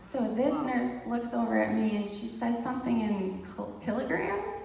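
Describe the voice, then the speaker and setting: Brief: lively woman, slightly high, gravelly edge, far-off in a big echoey hall with room noise. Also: moderate pace. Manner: animated, laughs often, addresses listeners as "you guys". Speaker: speaker sharing a birth testimony. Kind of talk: casual storytelling to a group.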